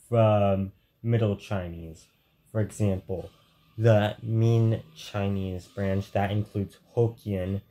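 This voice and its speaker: A man explains at an unhurried, slow pace, often stopping to correct himself or hunt for a word. His voice is mellow and sits fairly low. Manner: halting, self-correcting, searches for words. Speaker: language history explainer. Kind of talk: unscripted educational explainer.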